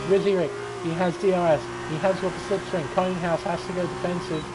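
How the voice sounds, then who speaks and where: A man with a high voice commentates a sim-racing league race, excitable and sleepy, cursing and laughing. Loud engine noise from the racing game runs behind his voice. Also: a little fast. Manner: excitable, swears, breaks into laughs. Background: racing game car sounds.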